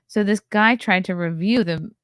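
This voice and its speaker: A woman's voice: medium pitch, fairly bright tone, no room sound, studio quality. A woman streaming from her home desk, chatting in a rambling way with sarcastic asides while reviewing a film and reading chat. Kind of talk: casual live-stream chat. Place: home desk setup with webcam.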